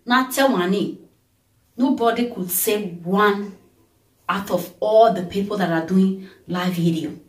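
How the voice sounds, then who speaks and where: A Nigerian woman vlogger, tired, talking in an animated way and breaking into song and blessings. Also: mid-range voice, unhurried, long pauses, distant mic. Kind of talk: casual birthday tribute vlog with singing. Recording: roomy sound from off the mic.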